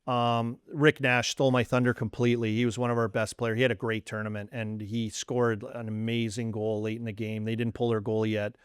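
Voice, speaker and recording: A Canadian former hockey player in his forties tells animated stories and acts out the dialogue as he goes. His voice is smooth and resonant, sitting at an ordinary pitch. The sound is close and dry, with no room echo. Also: brisk, hardly any pauses. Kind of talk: casual storytelling chat.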